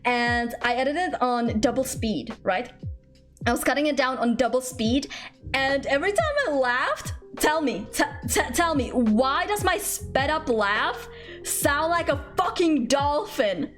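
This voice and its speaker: A woman's voice: high-pitched, animated, measured pace, faint music behind. A young woman streaming from home, chatting casually and playfully, giggling often, rambling and thanking viewers for gifts. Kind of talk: casual live-stream chat. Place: home room.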